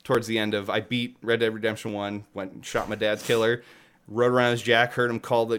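A man's voice: on the low side, flat delivery, fairly quick, fairly bright tone, a little hiss or hum. A young man casually chatting about a video game. He swears freely and laughs often. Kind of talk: casual chat.

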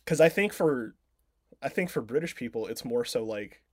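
A man's voice: medium pitch, expressive, normal speed, dry recording, clean studio sound. Rambling man retelling a movie plot. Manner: rambling, full of "like" fillers and swearing. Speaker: podcast co-host. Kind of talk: casual chat, retelling a film plot.

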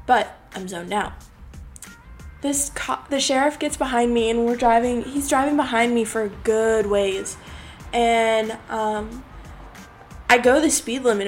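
A young woman hosting a podcast, casually telling a personal story with a chatty, rambling manner full of fillers. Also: fairly high pitch. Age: young adult. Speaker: podcast host.

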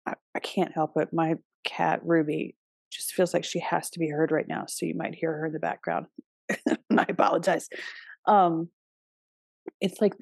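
A woman hosting her own podcast in a loose, chatty monologue. Her voice is husky and warm, and she drops in casual fillers and the occasional curse. The sound is dry and close, with no room echo. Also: lowish voice. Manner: relaxed and conversational, with frequent fillers and casual swearing. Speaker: podcast host.

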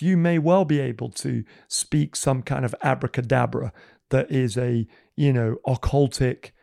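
A man telling a Christian testimony in conversation, animated and acting out the voices in his story. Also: mid-range voice, creaky, no room sound, studio quality.

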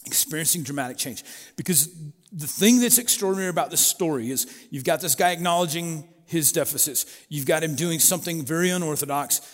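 A middle-aged man preaching a sermon in a relaxed, conversational way, storytelling and acting out quoted voices. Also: fairly high pitch, fairly quick, big-room sound. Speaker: pastor.

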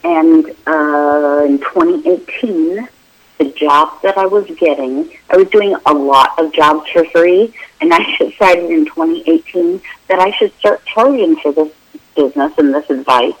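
A woman's voice: deep voice, measured pace, rough recording. A middle-aged woman interior designer, a guest in a remote interview, explaining her work in a friendly, informal way with many fillers.

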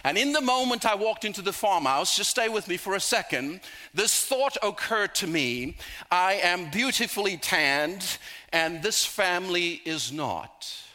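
Male preacher, middle-aged, high bright voice, storytelling with jokes. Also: animated. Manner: storytelling, humorous asides, slows for emphasis. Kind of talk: sermon with personal stories.

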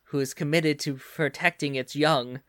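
A man playing a house drake, German accent, slow, formal, solemn, dry recording. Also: fairly high pitch, fairly even intonation, a bit bright, no echo, natural voice. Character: dignified male house drake in opossum form.

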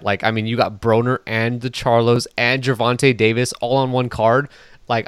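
Joking male podcast host, smooth clear tone, no room echo. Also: mid-range voice, a bit bright, clean studio sound. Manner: joking, teasing. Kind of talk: casual podcast chat.

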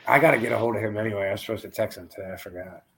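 A man's voice: lowish voice, fairly even intonation, racing, gravelly, fairly bright tone, slight background noise. A man hosting a podcast, tired and laid-back, rambling casually and swearing. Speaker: podcast host. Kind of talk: casual chat.

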